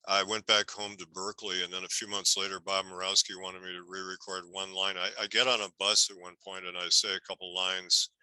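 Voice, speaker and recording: Older male guest, lowish voice, restarts and trails off while telling stories. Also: flat delivery, fairly quick, hardly any pauses, sharp tone, clear, resonant tone, no echo, poor audio. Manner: rambling anecdotes with many restarts. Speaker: guest film historian. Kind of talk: casual interview storytelling.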